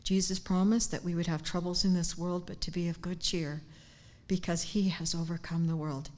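Earnest older woman, low-pitched voice. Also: level tone, normal speed. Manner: heartfelt, earnest, dropping at times to a hushed near-whisper. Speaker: woman giving a devotion. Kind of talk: personal devotional talk with scripture. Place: church gathering, speaking standing up.

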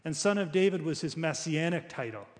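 Male pastor, fairly high voice, preaching in a casual, restarting style in a reverberant church hall. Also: animated, a little fast. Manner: conversational preaching with frequent restarts. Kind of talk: sermon.

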